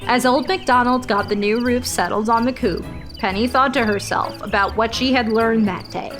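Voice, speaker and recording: A woman hosting a podcast and reading a children's story aloud, gentle and clear. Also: on the high side, moderate pace, soft background music.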